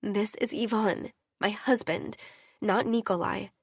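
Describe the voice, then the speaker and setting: A woman's voice: mid-range voice, fairly even intonation, unhurried, slightly rough, no room sound. A woman narrating a romance audiobook in an intimate first-person reading.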